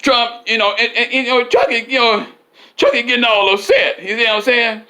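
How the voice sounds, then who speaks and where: A man with a strikingly high, bright voice rambles through a comic monologue. He keeps circling back with "you see what I'm saying?" and chuckles at his own jokes. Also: steady tone, brisk. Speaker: comedic political commentator.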